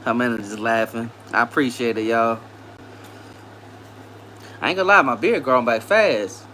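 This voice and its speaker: A man's voice: mid-range voice, normal speed, sharp tone, a little hiss or hum. A man from Louisiana with a Southern accent, hosting a casual livestream, reading viewers' comments aloud and greeting them in a laid-back, upbeat way. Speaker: livestream host.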